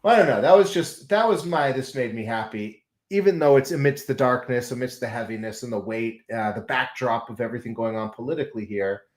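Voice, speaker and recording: A man chatting casually and musing out loud on a late-night livestream from his off-grid farm, slightly stuffy with a runny nose. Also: mid-range voice, fairly quick, hardly any pauses. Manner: rambling, musing, self-mocking asides. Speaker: off-grid homesteader streaming live. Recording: roomy echo.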